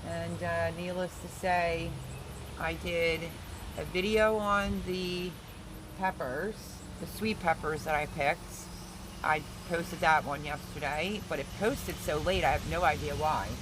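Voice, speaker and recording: A man with a high voice chats loosely through a livestream, wandering from topic to topic and answering his viewers as he goes. He talks into a phone camera out in his backyard garden, with plenty of outdoor noise around him. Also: a little slow. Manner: rambling, chatty, answers viewer comments. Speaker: livestream host, home gardener. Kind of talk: casual livestream chat. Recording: noisy outdoor ambience.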